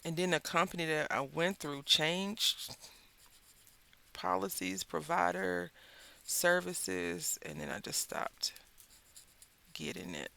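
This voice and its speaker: Gravelly Southern woman chatting while crafting. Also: lowish voice, animated, slow, pauses often, bright, forceful tone. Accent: Southern American. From Southern United States. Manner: chatty, rambling storyteller. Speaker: craft channel host. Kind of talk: casual chat while crafting. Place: indoors at a craft table.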